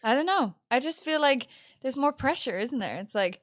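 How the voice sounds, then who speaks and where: A woman's voice: sits high, expressive, moderate pace, fairly bright tone, dry recording, clean studio sound. A young Irish woman co-hosting a podcast, chatting casually and laughing at herself. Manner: chatty, self-deprecating, laughs often. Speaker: podcast co-host. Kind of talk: casual chat.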